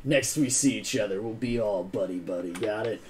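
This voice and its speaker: A man voicing a scheming male dwarf crime boss who bullies with mock friendliness and flares up quickly. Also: on the low side, a little mellow, a little hiss or hum, close to an everyday voice. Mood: falsely chummy.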